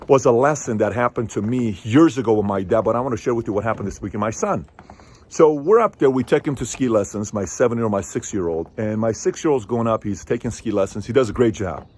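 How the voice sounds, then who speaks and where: A man in his thirties, a show host, telling a personal story to camera in a casual, emphatic way with sudden loud peaks. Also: on the low side, expressive, fast.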